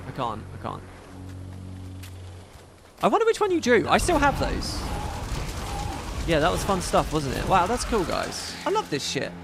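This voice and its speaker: A man's voice: sits high, fairly bright tone. A man hosting a casual livestream, chatting in a rambling, profane way with frequent asides. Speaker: livestream host.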